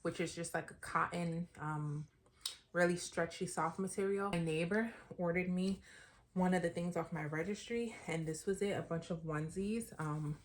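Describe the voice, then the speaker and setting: A woman's voice: on the low side, steady tone, moderate pace, a little hiss or hum. A pregnant woman in her thirties chatting casually to her viewers while unboxing baby gifts, with lots of fillers and asides, a bit out of breath. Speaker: vlogger.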